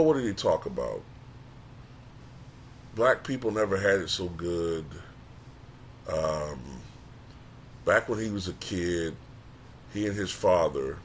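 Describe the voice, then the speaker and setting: A man hosting his own channel, giving casual commentary that runs from flat and low-key to animated and exasperated. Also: a little hiss or hum. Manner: animated, rising to exasperated near-shouting; says he can sound monotone at times. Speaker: channel host.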